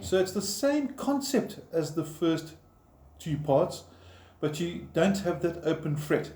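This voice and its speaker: A man's voice: on the high side, sing-song, slow pace. A man teaching a guitar lesson step by step, patiently explaining while he plays and counting in. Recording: roomy echo, guitar playing behind.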